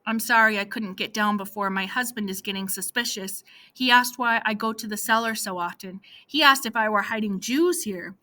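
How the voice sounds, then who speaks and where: A woman voicing a brisk, practical farm wife who hides fugitives in her cellar, in an audiobook reading. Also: medium pitch, sharp tone, natural voice. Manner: blunt, practical.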